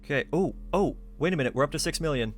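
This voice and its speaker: A man's voice: fairly high pitch, lively intonation, quick pace, faint music behind. A man streaming a game live, talking through what he builds in a chatty, eager way from a hot room at home on a desk microphone. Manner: chatty, eager, thinks aloud while building. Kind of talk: live gameplay commentary.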